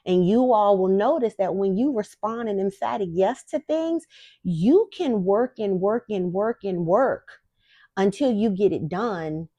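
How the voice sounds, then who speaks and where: A woman's voice: medium pitch, expressive, a little slow, warm tone, dry recording, lo-fi sound. A young woman hosting a spiritual talk, speaking casually to viewers with blunt, profane emphasis. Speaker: spiritual guide and host. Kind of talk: casual direct-to-camera talk.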